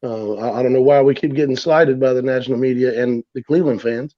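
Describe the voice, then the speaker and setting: A man's voice: mid-range voice, steady tone, fast, muffled recording. A man from South Tampa co-hosting a casual sports podcast, brash and emphatic, swearing freely.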